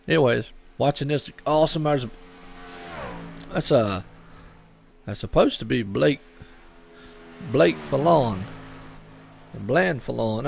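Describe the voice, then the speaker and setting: A man's voice: mid-range voice, vocal fry, darkish tone. A middle-aged man, doing solo live commentary on a sim race and chatting loosely with viewers. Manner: chatty, rambling, talks to chat viewers.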